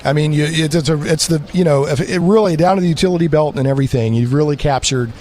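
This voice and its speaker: A man's voice: a little high, fast talker, mellow. A man hosting a live radio broadcast from a comic convention floor, interviewing in a rambling, enthusiastic way with lots of restarts. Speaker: radio host.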